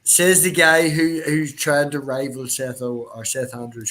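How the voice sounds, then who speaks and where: A man's voice: mid-range voice, little pitch movement, unhurried, a bit bright. A man hosting a casual live stream chat on his laptop, teasing and swearing with friends.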